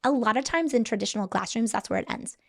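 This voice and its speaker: A woman's voice: a little high, fast. A middle-aged woman, a school headmaster, explaining her teaching approach earnestly in a podcast interview. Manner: earnest, explanatory, repeats words when restarting.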